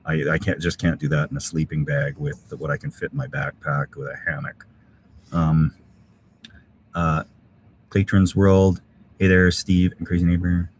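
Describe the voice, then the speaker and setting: A middle-aged man with a low, easygoing voice chats with viewers on a live stream, filling his sentences with uhs and ums as he reads their comments. He sounds relaxed and unhurried. A faint hiss sits under his voice. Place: outdoor winter camp in severe cold.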